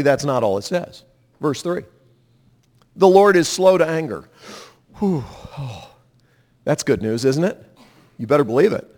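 A man preaching a sermon, emphatic and drawing the congregation into repeating lines after him. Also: on the high side. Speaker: pastor.

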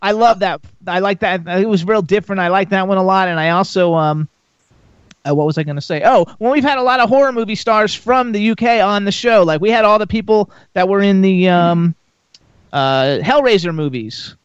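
A man's voice: sits high, fairly quick, clean tone, no echo. A man hosting a radio talk show, upbeat and gushing as he steers the conversation with his guests. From Florida. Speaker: radio host. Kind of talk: casual radio interview. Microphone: studio mic. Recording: dry, slightly dull studio radio broadcast.

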